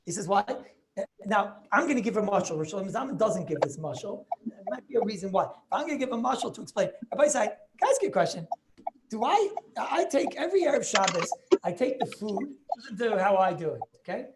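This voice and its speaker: A man's voice: high voice, sing-song, fast. A man works through a legal argument on a video call, eager and questioning, often restarting and asking "right?" to check he has been followed. Faint noise sits under his voice. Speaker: Torah class participant. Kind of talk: Talmudic reasoning in a video-call class.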